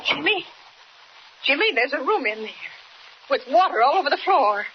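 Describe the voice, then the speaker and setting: A woman's voice: sits high, sing-song, normal speed. An actress playing an anxious, homespun older woman with folksy rural speech in a 1940s radio drama. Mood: fretful. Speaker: actor. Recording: dull old radio recording with faint hiss.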